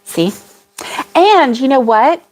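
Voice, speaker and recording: Woman, casual chat host, unhurried, slightly high voice, laughs often. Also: expressive. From United States. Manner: chatty, apologetic, laughs often. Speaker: livestream host reading viewer comments.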